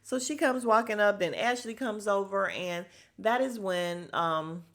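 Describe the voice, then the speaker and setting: A woman's voice: medium pitch, unhurried. A woman hosting a casual podcast, recapping a reality show episode in a blunt, sassy way and swearing freely. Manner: animated, acts out the cast's lines. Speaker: podcast host.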